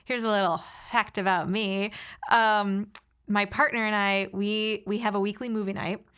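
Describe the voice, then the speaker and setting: Woman, podcast guest, casual chat, rambling, middle pitch. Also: fairly even intonation, normal speed, fairly bright tone, clear, resonant tone. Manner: chatty, rambling with fillers and laughs. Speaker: podcast guest, actor and filmmaker.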